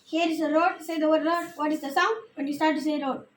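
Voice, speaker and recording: Woman reading teacher, high voice, slow careful delivery in an echoey room. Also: steady tone, a little hiss or hum. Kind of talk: slow phonics lesson and read-aloud.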